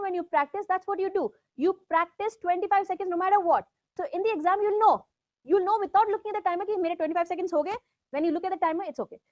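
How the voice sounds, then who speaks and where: A woman's voice: very high voice, no room sound, studio quality. A woman with an Indian accent coaching students for an English exam in a classroom, mixing in Hindi and coaxing them to try.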